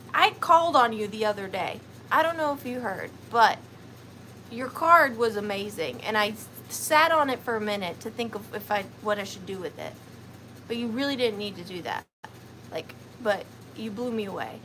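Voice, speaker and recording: A woman's voice: fairly high pitch, bright, forceful tone, a little hiss or hum. A woman with a Southern US accent hosting a livestream, chatting sweetly with viewers and greeting them by name. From Georgia, US. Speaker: livestream host.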